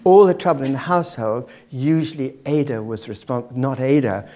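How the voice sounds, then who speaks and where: A man's voice: medium pitch, normal speed, mellow. A man giving a public lecture to a live audience, discursive and dropping wry asides.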